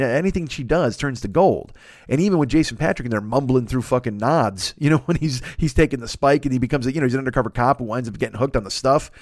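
A man's voice: mid-range voice, dry recording, clean studio sound. A man hosting a comedy podcast, riffing in a profane, rambling mock-rant. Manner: profane, riffing, mock-ranting with put-on voices. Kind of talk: rambling comic monologue.

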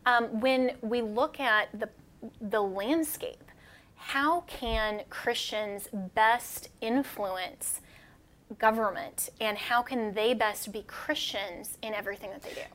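Woman host, measured interview voice. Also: fairly high pitch, fairly bright tone. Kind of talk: interview hosting.

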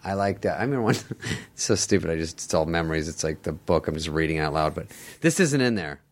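A middle-aged man sits in on a casual podcast chat and tells comic stories. His voice sits a bit low, and his delivery is wry and sarcastic, with quick impressions of other people thrown in. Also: animated. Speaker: podcast guest, comedian.

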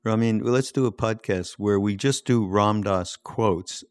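A man's voice: fairly low pitch, unhurried, clear, resonant tone, no room sound, clean studio sound. A man hosting a podcast in casual interview chat, laid-back and playful, laughing often. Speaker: podcast host.

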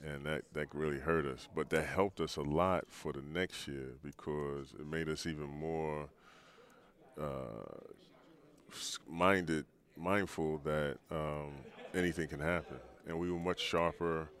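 A man in his sixties, a former pro athlete, telling stories in a podcast interview with a relaxed, rambling manner. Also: a bass voice, measured pace. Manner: relaxed, rambling, frequent restarts and laughs. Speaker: former pro basketball player, guest.

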